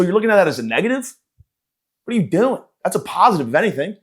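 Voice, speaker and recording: A man's voice: on the high side, big pitch swings, quick pace. A man hosting a comedy podcast, delivering a rambling, sarcastic, profane rant. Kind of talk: ranting comedic monologue.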